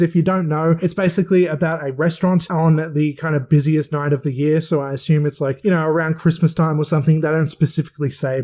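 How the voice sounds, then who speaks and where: A man's voice: fairly high pitch, dark tone. A man casually recapping films he watched, chatty and enthusiastic, swearing freely. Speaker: film vlogger.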